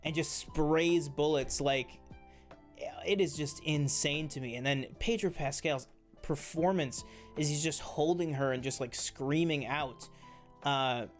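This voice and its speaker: A man's voice: fairly high pitch, steady tone, a little slow, faint music behind. A man co-hosting a casual TV review chat, enthusiastic and rambling, with many fillers and restarts. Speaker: co-host of a TV review show.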